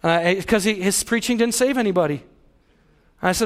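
Male pastor, emphatic sermon style, unusually high voice, reverberant hall sound. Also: moderate pace. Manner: passionate, emphatic preaching.

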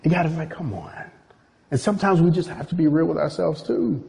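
A man's voice: a little high, steady tone, quick pace, vocal fry, warm tone, in a large hall. A man preaching a sermon, telling stories animatedly and acting out quoted voices. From Nigeria.

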